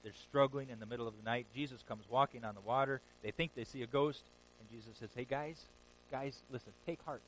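A man preaching a sermon, retelling scripture stories in a lively, casual modern way. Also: mid-range voice, brisk, a little hiss or hum, low-quality recording. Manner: animated storytelling, paraphrasing scripture in casual modern speech.

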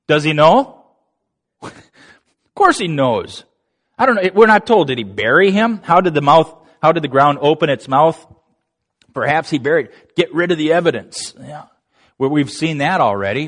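A male preacher giving an animated sermon, acting out quoted lines with laughing asides. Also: on the high side. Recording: long reverb of a large hall.

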